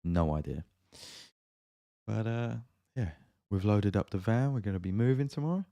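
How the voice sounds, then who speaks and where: A man with a low voice hosts a casual livestream from his home studio. He talks in a loose, friendly way and greets viewers one by one as they join. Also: moderate pace, gravelly. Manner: relaxed, chatty, greets viewers by name. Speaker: music producer hosting a livestream. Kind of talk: casual live-stream chat.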